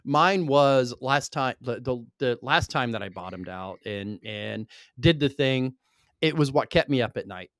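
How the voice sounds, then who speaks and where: A man hosting a podcast who responds to his guest in a relaxed, candid way, sharing his own experience. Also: mid-range voice, measured pace, no room sound, clean studio sound. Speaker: podcast host. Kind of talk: casual podcast interview.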